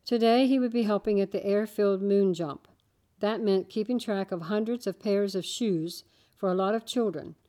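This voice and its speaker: A woman reading a children's story aloud, with steady, gentle storytelling. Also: medium pitch, normal speed. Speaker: narrator.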